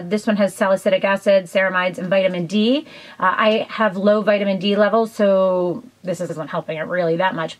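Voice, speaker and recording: A woman's voice: medium pitch, low-quality recording. A woman chatting casually in a beauty haul video, enthusiastic and rambling with lots of ums and side comments. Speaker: beauty vlogger.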